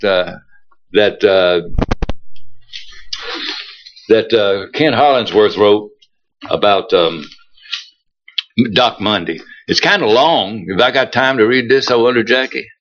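A man's voice: fairly low pitch, fairly bright tone, dull audio. An older man hosting a radio show, who rambles and hesitates in a folksy way before reading an article aloud. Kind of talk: casual reading aloud on air.

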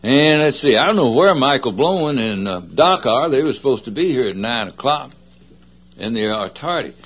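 A man with a Southern US accent hosts a radio show from the studio, rambling casually with plenty of fillers and self-corrections. His mid-range voice swings widely in pitch, sounds a bit bright with a breathy edge, and moves at a moderate pace.

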